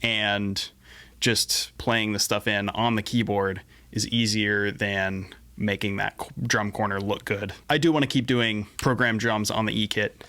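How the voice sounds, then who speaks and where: A man on the low side, with fairly even intonation, a measured pace, and a sharp tone, talks casually on camera while building a song in his home studio. Laid-back and self-deprecating, he sometimes trips over his words as guitar and drum playback runs behind him.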